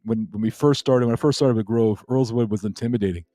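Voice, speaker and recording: A man's voice: medium pitch, fast talker, mellow, no room sound, clean studio sound. A man hosting a casual crypto livestream, rambling and laid-back as he chats with viewers. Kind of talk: casual late-night livestream chat.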